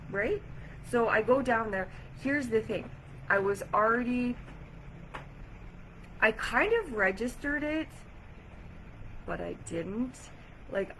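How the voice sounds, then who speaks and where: Woman, chatty storytelling vlog, animated retelling, camera mic, faint background hiss. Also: mid-range voice, creaky, low-quality recording. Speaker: vlogger. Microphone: camera or phone mic.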